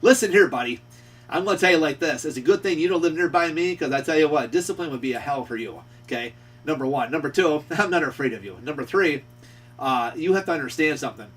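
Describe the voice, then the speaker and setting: A middle-aged man who runs a radio repair shop records a ranting call-out video, his slightly high, husky voice on a distant mic. He confronts and scolds a rival, repeating his points.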